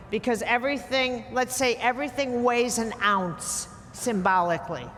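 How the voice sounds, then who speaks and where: A woman's voice: fairly high pitch, moderate pace, few pauses, fairly bright tone, slight background noise. A woman giving a blunt, emphatic talk to a live audience, teasing her listeners as she lectures. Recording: hall reverb with faint ambience.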